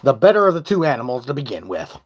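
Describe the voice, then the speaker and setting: A man's voice: medium pitch, sing-song, fast. Rambling, swearing man live-streaming. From Michigan. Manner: rambling, swearing, loses his train of thought. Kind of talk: casual live-stream chat. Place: home basement. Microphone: phone.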